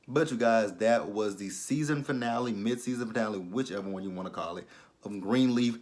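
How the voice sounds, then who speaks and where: Low-voiced man, thirties, animated casual episode reviewer. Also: brisk. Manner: animated, talks back at characters, swears. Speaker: YouTube TV recap host.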